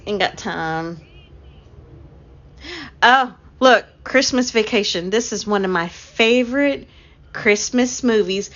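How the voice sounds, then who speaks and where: A woman's voice: medium pitch, a bit bright. A middle-aged woman chats away to her live-stream viewers. She laughs often and talks straight to the chat in a mid-range voice. The stream audio is dull and lo-fi. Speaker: livestream host.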